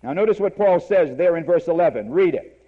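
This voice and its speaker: A man's voice: fairly high pitch, lively intonation, fairly quick, narrow, tinny audio. A man preaching a sermon, emphatic and repeating key words for stress.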